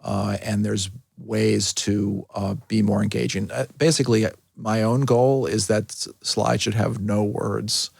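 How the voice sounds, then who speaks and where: A middle-aged man, a medical school dean and liver doctor, speaking thoughtfully in a casual interview with many pauses and restarts. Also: lowish voice, level tone, vocal fry, a little mellow, breathy edge, no room sound, clean studio sound. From New York City.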